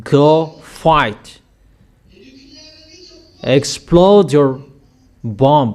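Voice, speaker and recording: A man preaching a sermon in halting, repetitive English, delivering emphatic commands and addressing his listeners as children. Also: fairly high pitch, lively intonation, dark tone. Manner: halting non-native English with repeated phrases.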